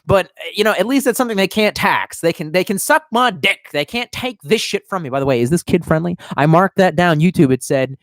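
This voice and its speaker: Animated, foul-mouthed young man streaming. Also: sits high, brisk, few pauses, dry recording, studio quality. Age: young adult. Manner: profane, animated, rambling. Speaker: live streamer. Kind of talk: casual rant to live chat.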